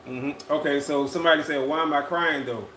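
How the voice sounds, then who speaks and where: A man's voice: fairly high pitch, steady tone, a little fast, a bit bright, a little hiss or hum. A laid-back man chats casually on a live podcast stream, drawing out his words and circling back over his own phrases. The recording is echoey, with faint ambience behind him. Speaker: podcast co-host.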